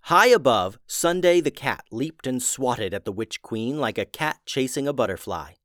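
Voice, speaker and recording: A man reading a children's fantasy storybook aloud in a steady, expressive voice. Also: mid-range voice, moderate pace, no room sound, clean studio sound.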